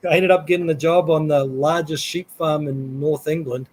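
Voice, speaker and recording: A man's voice: a little high, steady tone, normal speed, poor audio. A man from New Zealand, a guest telling rambling travel stories in a casual interview, laughing now and then.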